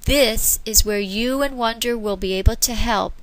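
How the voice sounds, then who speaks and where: A wise old grandfather spirit guiding the children in a storybook reading, as a woman puts him on. He speaks calmly, gently and reassuringly. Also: fairly high pitch, moderate pace, dry recording, natural voice.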